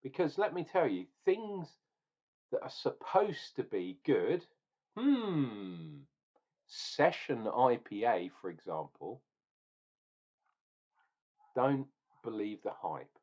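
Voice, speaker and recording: A man's voice: mid-range voice, sing-song, slow, long pauses, darkish tone, breathy edge. Ranting lo-fi man reviewing beer. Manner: ranting, opinionated, swears. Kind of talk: casual beer review vlog.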